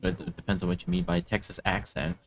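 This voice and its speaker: A man from the United States chatting casually on a live stream, soft-spoken and a bit hesitant, laughing often. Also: on the low side, very animated, fast talker, vocal fry, soft background music.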